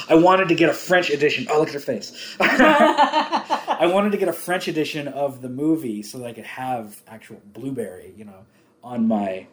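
A man chatting loosely while watching a film, telling long rambling stories. He laughs a lot and swears casually, easy and unhurried. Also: mid-range voice. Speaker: podcast co-host. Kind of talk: casual movie commentary chat.

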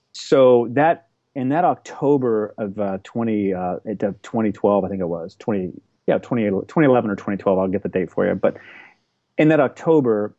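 A man's voice: lowish voice, mellow, no echo, dull audio. A man in his forties, an interview guest telling a long story in a casual, rambling way with many fillers and restarts. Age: 40s.

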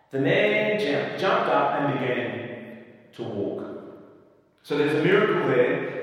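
A man teaching through a Bible passage in a lively, self-deprecating way, acting out the quoted lines. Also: high-pitched, recorded from a distance. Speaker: preacher. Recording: echoey hall, voice from afar.

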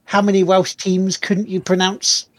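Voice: mid-range voice, monotone, a little slow. A co-host of a live-streamed podcast, teasing the other host and laughing often in casual banter.

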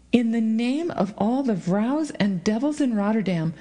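A woman narrating a story aloud in an expressive reading style, with dramatic pauses. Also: fairly high pitch. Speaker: audiobook reader. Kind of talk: scripted narration.

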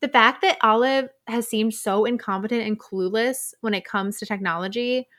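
A woman chatting as a podcast co-host, retelling a story with animated, dramatic flair. Her voice is bright and sharp, and she laughs often as she goes. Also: a little high, moderate pace. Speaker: podcast co-host recapping a novel. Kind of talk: casual chat.

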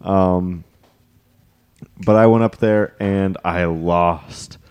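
Young man telling a story, dark low voice. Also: very slow, clear, resonant tone. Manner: animated storytelling, laughing often. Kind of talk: casual chat.

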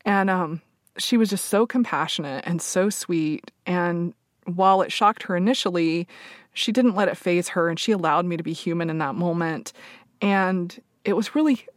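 Woman, low voice, emotional, reflective, dry close sound. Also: moderate pace, dry recording. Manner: open and reflective, many fillers, laughs softly. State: emotional, near tears. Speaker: supervisor telling a personal story. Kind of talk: reflective personal storytelling.

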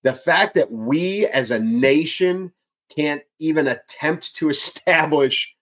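A man's voice: on the high side, takes it slowly, a bit bright. A man from outside Chicago with a Chicago accent, talking politics in a casual chat, emphatic and often repeating his words. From outside Chicago, USA.

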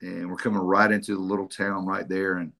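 A middle-aged man with a drawl speaks as a guest on a podcast, his low voice rough and gravelly. His tone has a bright, forceful edge, and he tells his story in an animated way, swearing casually as he goes. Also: brisk. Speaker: head football coach, guest.

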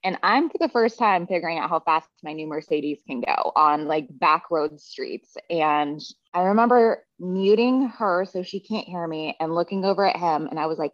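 A woman's voice: on the low side, moderate pace, hardly any pauses, no room sound. A middle-aged woman, a podcast guest and therapy practitioner, telling a personal story in casual chat, frank and profane and full of "like.". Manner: frank, profane, heavy use of "like" fillers. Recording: dry, slightly dull recording.

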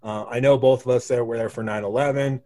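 A man from Wyoming with a light drawl hosts a relaxed conversation. He tells his stories with a lively, anecdotal flow and a voice of ordinary pitch. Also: quick pace. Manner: storytelling, animated impressions of others. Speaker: podcast host, former news station worker. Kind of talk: casual chat.

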